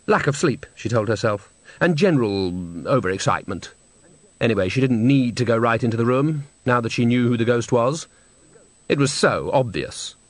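A man reading a novel aloud with measured, wry storytelling. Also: mid-range voice, lively intonation, no echo. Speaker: audiobook narrator. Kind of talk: scripted narration. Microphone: close studio mic.

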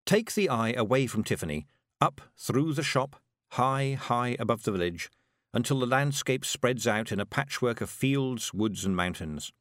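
Male audiobook narrator: expressive storytelling, lively pitch, dry studio sound. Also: moderate pace, no room sound.

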